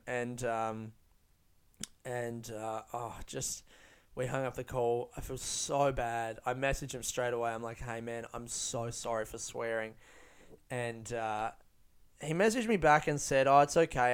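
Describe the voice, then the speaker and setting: A man's voice: medium pitch, normal speed, clear, resonant tone. A man hosting his own podcast, telling a rambling, profane, self-deprecating story about his comedy gigs. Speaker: podcast host and stand-up comedian. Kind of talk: casual solo storytelling.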